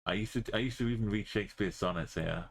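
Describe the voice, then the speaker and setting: A man's voice: lowish voice, quick pace, vocal fry. A man streaming a map game, talking in a rambling, jokey way. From Britain. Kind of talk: casual gaming commentary.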